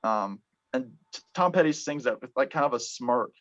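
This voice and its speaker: A man hosting a casual music chat, talking in halting bursts full of ums and restarts. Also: medium pitch, animated, fairly bright tone. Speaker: podcast host. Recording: dull lo-fi sound.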